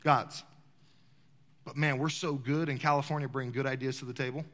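A man's voice: mid-range voice, fairly even intonation, a little fast, fairly bright tone. A man preaching a sermon to his congregation in a large church, asking them rhetorical questions as he speaks. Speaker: pastor. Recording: long hall reverb.

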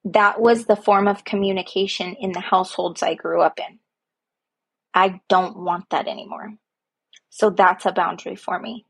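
A woman's voice: fairly low pitch, steady tone, normal speed, vocal fry, slightly rough. A woman hosting a podcast, speaking earnestly and heartfelt about her own life as a parent, with emphatic repetitions. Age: young adult to middle-aged, a parent. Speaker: podcast host. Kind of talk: personal reflective monologue.

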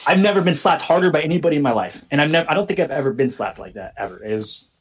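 A young man on a podcast, telling a story in casual chat with lively swearing and laughter. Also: fairly high pitch, very fast, husky. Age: young adult. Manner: animated, swearing, laughs through his story. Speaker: podcast co-host.

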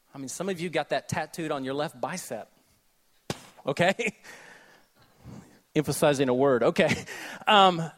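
Man, pastor, Southern accent, lively sermon, slightly high voice. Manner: animated, jokey asides, shifts between loud and hushed delivery.

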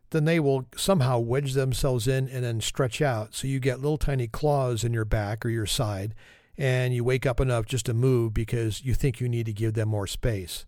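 A podcast host with a mid-range, slightly mellow voice gives a humorous monologue that's wry, self-deprecating, and conversational. The recording is studio quality, with no room sound.

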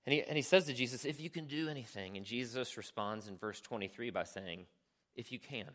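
Man, pastor, sermon, earnest, conversational, hushed asides, mid-pitched voice. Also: fairly quick. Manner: earnest, conversational preaching with frequent "right?" asides.

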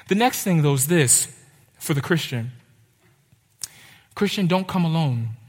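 A young man preaching a sermon, urgent and impassioned, with dramatic pauses. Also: fairly high pitch, expressive, darkish tone, breathy edge. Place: church hall. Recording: reverberant hall.

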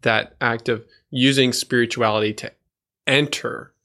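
A man hosting a conversational interview, asking gentle, attentive questions. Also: medium pitch, steady tone, measured pace. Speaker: host.

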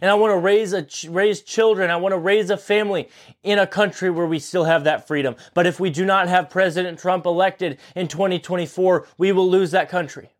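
A man's voice: sits high, fairly even intonation, brisk. Earnest young man pleading on a podcast. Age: 20s. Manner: earnest, pleading, repeats himself for emphasis. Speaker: podcast host. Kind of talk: impassioned political monologue.

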